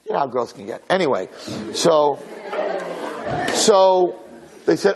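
A man telling a religious story in a dramatic, animated way, acting out the characters. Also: on the high side, slow pace, pauses often, crowd noise, noisy background. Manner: lively, dramatic, acts out characters.

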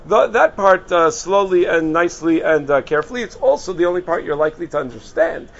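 A man with a fairly high voice explains points of Jewish law in a loose, conversational lesson. He pauses on fillers and repeats words as he thinks aloud. The recording sounds muffled and lo-fi. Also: lively intonation, creaky. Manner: conversational, many fillers and restarts. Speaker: rabbi teaching halacha. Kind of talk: informal Torah lesson.

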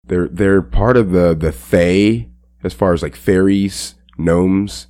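Deep-voiced man rambling in chat. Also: steady tone, slow pace, a little mellow. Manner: rambling, hesitant, crude jokes. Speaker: podcast co-host. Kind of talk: casual movie chat.

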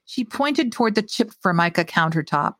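A woman narrating a first-person mystery novel in a wry, steady storytelling manner. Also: mid-range voice, normal speed, dry recording. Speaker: audiobook narrator.

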